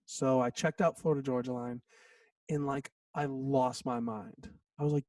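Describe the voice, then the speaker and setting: A man's voice: mid-range voice, normal speed, no room sound, recorded from a distance. A man in his thirties, a songwriter guest, telling a story in a casual interview, acting out quotes and saying "like" a lot. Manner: animated, acts out quotes, says "like" often.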